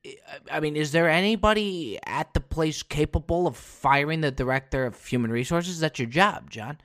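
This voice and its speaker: A man hosting a solo comedy podcast, telling stories with loud bursts and low asides and casual swearing. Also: moderate pace, hardly any pauses. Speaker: podcast host. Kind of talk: comic solo podcast monologue.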